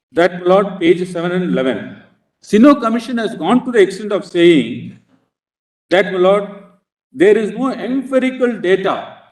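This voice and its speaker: Man, Indian accent, advocate's formal court argument, fairly high voice, heard from afar. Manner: formal, addresses the bench as "my lord" constantly, halting with fillers. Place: large courtroom. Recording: roomy courtroom audio from a distance.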